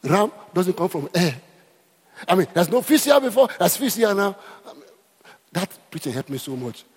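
A man's voice: sits high, sing-song, normal speed, slightly rough, big-room sound. A man preaching a sermon, emphatic and repetitive, calling out to the congregation. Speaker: pastor.

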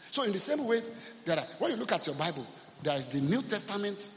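Emphatic pastor in echoey hall. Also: male voice, high voice, big pitch swings, fast talker, fairly bright tone, slight background noise. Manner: emphatic preaching, repeatedly asks the congregation if they are listening. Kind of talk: sermon. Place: church service. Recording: echoey hall, faint ambience.

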